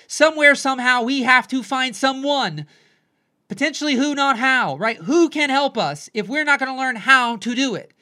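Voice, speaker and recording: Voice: mid-range voice, bright, forceful tone. A podcast host and coach talking animatedly in a solo monologue, often dropping into quoted voices and asking "right?".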